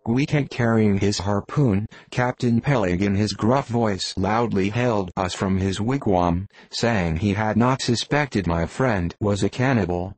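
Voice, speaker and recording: A man reading a classic novel aloud as an audiobook narrator, in a plain, even reading voice. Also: lowish voice, no echo. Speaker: audiobook reader. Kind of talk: scripted narration.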